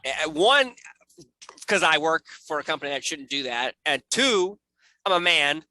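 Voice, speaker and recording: Animated excitable man ranting. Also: on the high side, unhurried, no echo. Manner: excitable, animated rants with jokey impressions. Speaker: podcast host. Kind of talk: casual chat.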